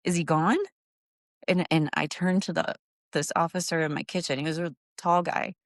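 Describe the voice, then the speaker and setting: A middle-aged woman tells a painful personal story in a halting way. She repeats phrases, and her voice climbs high when she relives moments. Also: steady tone, dry recording, studio quality. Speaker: guest, grieving mother.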